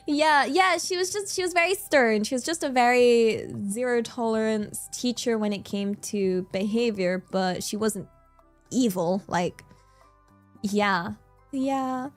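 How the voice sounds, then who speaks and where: A woman's voice: fairly high pitch, unhurried, soft background music. A woman livestreamer in casual chat, giggly and rambling, thanking viewers as she reads the chat. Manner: rambling, many fillers and restarts.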